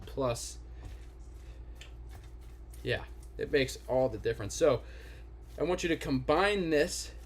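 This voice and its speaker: This casual home-kitchen cooking stream is hosted by a man from the Pittsburgh area who speaks right to his audience and swears freely. His voice is mid-range, with slight background noise.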